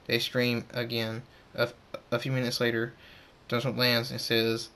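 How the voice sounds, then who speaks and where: A man's voice: mid-range voice, completely flat delivery, moderate pace, sharp tone, clear, resonant tone. A man reading a fan story aloud in a plain way, stumbling and restarting now and then. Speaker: amateur storyteller.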